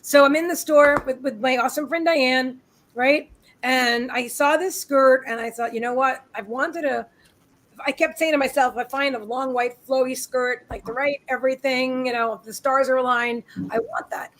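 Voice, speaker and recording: A high-pitched woman chatting on a live video stream from her home. She tells stories in a rambling, friendly way, full of restarts and asides, with the easy tone of a regular co-host. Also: steady tone, moderate pace, a bit bright, rough recording. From United States. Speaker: co-host of a live psychic reading show. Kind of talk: casual live-stream chat. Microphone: webcam on a live video stream.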